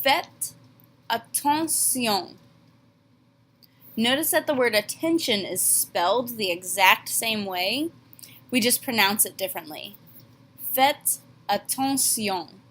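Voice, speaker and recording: Bright-voiced woman teaching French phrases. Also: medium pitch, expressive, slight background noise. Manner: slow, deliberate modeling of French phrases. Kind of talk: classroom lesson.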